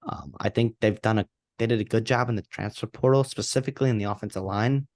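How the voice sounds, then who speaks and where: Man, low voice, dry close sound, rambling podcast co-host, casual sports chat. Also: fast talker, darkish tone, no echo. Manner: rambling with frequent restarts.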